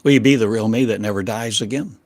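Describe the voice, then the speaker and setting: A fast-talking man channels a sermon as a spiritual teacher, throwing out rhetorical questions in choppy phrases that veer between loud emphasis and quiet, low falls. The recording has no room sound.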